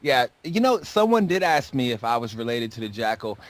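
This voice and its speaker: A man's voice: medium pitch, sing-song, a little fast, a crowd in the background. A man hosting a casual podcast from home, joking loosely with his co-host. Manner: joking, loose, chewing food. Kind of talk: casual chat.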